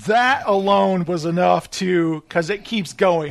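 A man chatting casually as a podcast host, animated, laughing often and acting out quotes. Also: sits high, measured pace, vocal fry, hardly any pauses. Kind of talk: casual chat.

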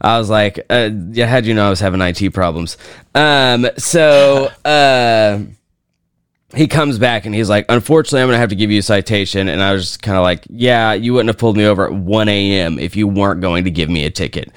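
A man's voice: on the low side, normal speed, clear, resonant tone, no echo, clean studio sound. A man co-hosting a podcast, telling a profane story with lots of energy in casual chat. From Kansas, USA. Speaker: podcast co-host.

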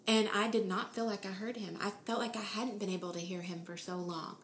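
A woman's voice: medium pitch, brisk. An earnest woman in her thirties recounts her faith journey in a conversational way. She slips into quoted voices with feeling. The room has a noticeable echo and faint background hiss. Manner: earnest, emotional storytelling with animated quoted voices. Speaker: guest sharing her testimony.

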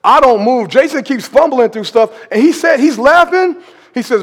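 High-voiced man preaching in a reverberant church hall. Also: normal speed. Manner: animated, conversational preaching, drops to hushed emphasis. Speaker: pastor. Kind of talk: storytelling sermon. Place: church sanctuary.

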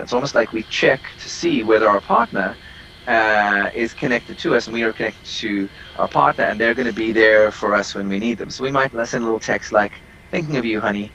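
A man's voice: on the low side, a bit bright, lo-fi sound, slight background noise. A man working as a relationship coach, explaining at length as a guest on an interview call, with many ums and restarts. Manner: explanatory, long rambling sentences with many fillers.

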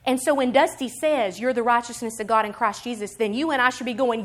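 An animated woman preaching a sermon with a slightly high voice. She moves from quiet, plain teaching to loud, emphatic declarations. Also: a little fast, hardly any pauses. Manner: acts out other people's voices in quotes.

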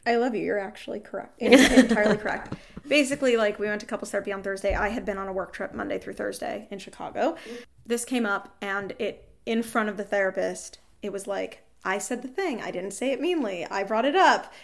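A woman telling a frank, animated story about fights with her partner, quoting both sides, swearing and laughing ruefully. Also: medium pitch, a little fast, gravelly. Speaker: guest seeking advice. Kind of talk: candid emotional storytelling.

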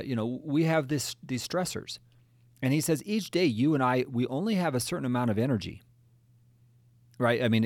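A man's voice: mid-range voice, no echo. A middle-aged male clinician co-hosting a podcast, explaining earnestly and asking rhetorical questions. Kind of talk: conversational discussion.

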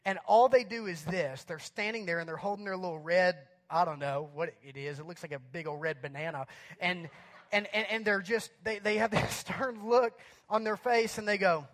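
A male pastor telling a humorous story in a sermon, chatty and animated, with lots of fillers. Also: high-pitched, moderate pace. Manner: animated, chatty, many fillers like "like" and "you know".

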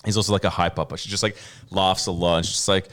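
A young Australian man co-hosting a casual chat, animated and quick to laugh along. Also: sits low. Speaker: podcast co-host.

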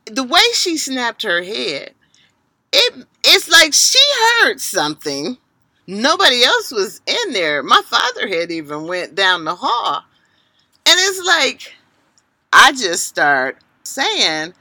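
A middle-aged woman chats on a podcast, animated and quick to swing from loud to hushed. Her voice is bright and ranges widely in pitch. The sound is dry, with no room around it. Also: no room sound. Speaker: podcast co-host. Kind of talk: casual podcast chat.

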